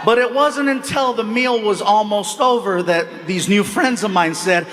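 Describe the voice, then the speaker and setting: High-voiced man telling a comedy story. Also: normal speed. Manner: animated, acts out voices and shouts. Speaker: stand-up comedian. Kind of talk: stand-up storytelling.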